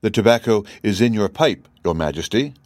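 A man's voice: lowish voice, animated, brisk, darkish tone, dry recording, studio quality, close to an everyday voice. A man reading an audiobook voices a timid, weary male gnome steward who answers meekly. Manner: meek, plain replies.

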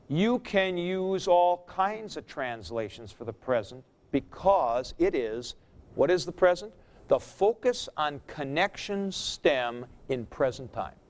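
Folksy, emphatic high-voiced male teacher. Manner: folksy, emphatic, thinks aloud with examples. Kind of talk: classroom grammar lecture.

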